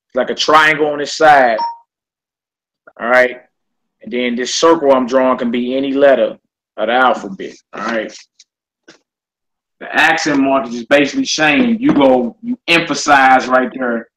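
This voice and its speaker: A man, teaching a live-streamed lesson in a loose, chatty way. His pitch sits in the middle range, and he talks to his viewers like family. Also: moderate pace, fairly bright tone, low-quality recording.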